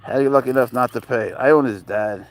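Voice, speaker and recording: A man's voice: medium pitch, fast talker. A man livestreaming while walking his cat outdoors in a park, talking casually in a blunt, profane, rambling way and answering chat messages aloud.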